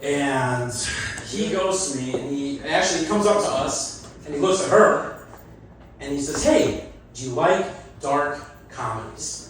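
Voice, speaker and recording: Male stand-up comic, slightly high voice, roomy club sound, heard from a distance. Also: a little slow, crowd noise. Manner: self-deprecating, chatty, laughs at his own jokes. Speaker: stand-up comedian. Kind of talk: stand-up comedy set. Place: comedy club stage. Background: audience laughter and call-backs.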